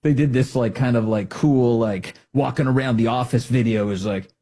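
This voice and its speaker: A man hosting a talk show, giving opinionated political commentary in an animated, sarcastic way. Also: medium pitch, normal speed. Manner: animated, sarcastic, mocking others in put-on voices.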